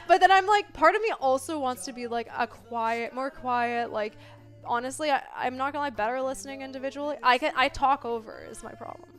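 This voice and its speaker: A young woman chatting casually on a live stream, expressive and full of filler words, jumping between loud bursts and mellow talk. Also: high voice, fairly quick, clear, resonant tone, faint music behind. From Italian family background.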